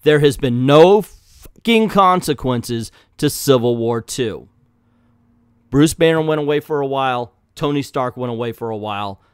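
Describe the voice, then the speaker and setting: A man's voice: mid-range voice, animated, measured pace, clean tone, no room sound, clean studio sound. Blunt, profane man with a slight Southern drawl. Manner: blunt, profane, exasperated ranting. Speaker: comic book reviewer. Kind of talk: ranting review vlog.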